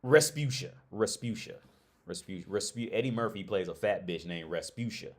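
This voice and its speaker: A man's voice: low-pitched, fairly quick. A man hosting a casual livestream chat, rambling and restarting his phrases as he talks to viewers. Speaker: livestream host. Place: living abroad in Prague.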